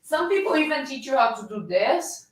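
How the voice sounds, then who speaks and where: A woman's voice: sits high, moderate pace. Echoey, upbeat woman fitness coach. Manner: energetic, coaxing, demonstrates while talking. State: shaking from holding a plank. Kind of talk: live workout class instruction. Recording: very echoey room, voice distant from mic.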